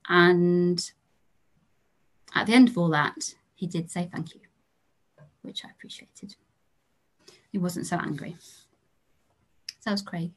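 A young English woman, a trainee family doctor, giving a lecture in a calm, measured way, telling stories from her work with endings that trail off softly. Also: fairly low pitch. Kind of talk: storytelling lecture.

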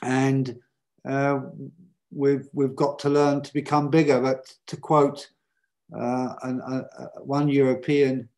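Slow, level-voiced man. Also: medium pitch, flat delivery, a little mellow. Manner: hesitant, many fillers and restarts. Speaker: film director guest on a panel. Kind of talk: thoughtful panel discussion answer.

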